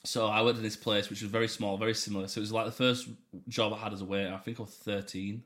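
A man's voice: lowish voice, quick pace. A young man, telling stories in casual podcast chat and swearing freely. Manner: animated storyteller, swears freely. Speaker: podcast host.

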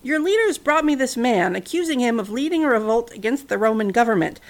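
A woman's voice: on the high side, lively intonation, a little fast. Woman voicing Pilate, an uneasy Roman governor. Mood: reasoning. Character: uneasy Roman governor, a grown man, pleading with a mob.

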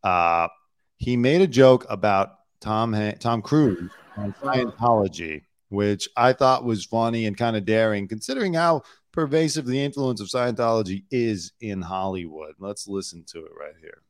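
A man's voice: lowish voice, lively intonation, moderate pace, dry recording. A middle-aged man co-hosting a casual chat, talking bluntly and sarcastically with plenty of swearing. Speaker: co-host, former celebrity news producer.

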